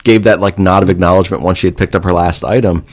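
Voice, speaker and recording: Deep-voiced guy rambling thru a story on a podcast, swears a lot, lots of ums. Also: steady tone, quick pace. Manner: rambling, profane, with many fillers. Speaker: podcast co-host. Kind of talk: casual storytelling chat.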